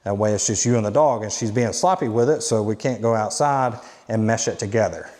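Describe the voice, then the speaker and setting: Low-voiced man training a dog indoors. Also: a little fast, in a large hall. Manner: explains steps plainly, then gives short quiet commands to a dog. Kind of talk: instructional training demo.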